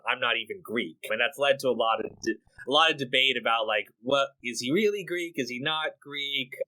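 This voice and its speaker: A man's voice: mid-range voice, sharp tone, rough recording. A man hosting a podcast, talking in casual chat, thoughtful and often restarting his phrases. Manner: thoughtful, frequent restarts and repeated words. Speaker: podcast host.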